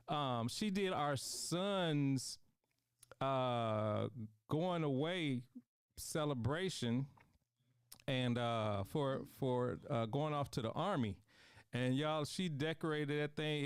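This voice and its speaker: A man hosting a casual talk show interview, playful and animated, laughing often and talking straight to his viewers. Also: medium pitch, takes it slowly, clear, resonant tone, no echo, clean studio sound.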